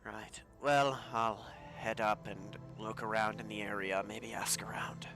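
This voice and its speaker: A man playing a tabletop role-play game on a live stream, talking in a dry, measured way. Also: lowish voice, fairly even intonation, sharp tone, faint music behind. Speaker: player.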